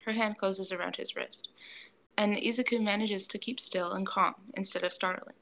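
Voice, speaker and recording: A woman narrating a fan fiction audiobook, reading in a gentle, even way and voicing a soft-spoken young man's lines. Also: medium pitch, moderate pace.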